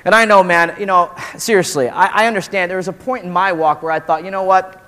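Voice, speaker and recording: Male pastor, 40s, slangy casual preacher, a touch high, long hall reverb. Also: fast. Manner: slangy and animated, says "dude" and "man" often. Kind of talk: casual sermon to college students.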